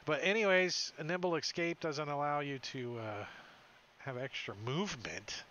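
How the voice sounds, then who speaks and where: A man narrating a tabletop game as game master, animated and laughing often, tossing in quick character voices. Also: a little high, a little hiss or hum.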